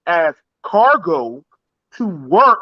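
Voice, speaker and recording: A man in a heated live-stream debate who speaks haltingly and emphatically, with many restarts. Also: fairly high pitch, sing-song, no echo, muffled recording.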